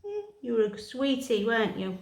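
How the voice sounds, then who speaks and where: A woman, a cat groomer, soothing the cat in gentle cooing words and explaining her work as she goes. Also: a little high, big pitch swings, normal speed. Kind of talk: talking through a grooming session. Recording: roomy echoey grooming room.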